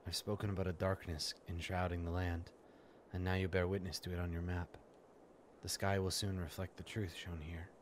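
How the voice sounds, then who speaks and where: A man reading the lines of a solemn female mage in a quiet, measured, grave way. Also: low-pitched, flat delivery, slight background noise, close to an everyday voice.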